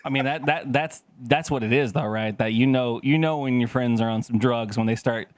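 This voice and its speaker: A man's voice: medium pitch, a little fast, no echo. A man co-hosting a casual podcast chat, telling stories with lots of swearing and laughter. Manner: profane, storytelling, laughing often. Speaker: podcast co-host.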